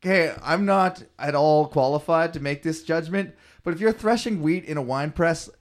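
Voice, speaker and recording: A man's voice: on the high side, normal speed. Man reading scripture aloud, then riffing. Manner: reads verses aloud in a raised voice, then riffs loosely. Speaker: podcast co-host reading scripture. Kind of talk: casual comedic chat.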